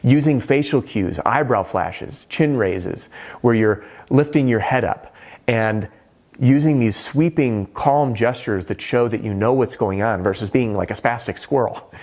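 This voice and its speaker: A man, a roofing sales trainer, giving a direct-to-camera sales training talk, animated and playing with pauses and tone. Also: medium pitch.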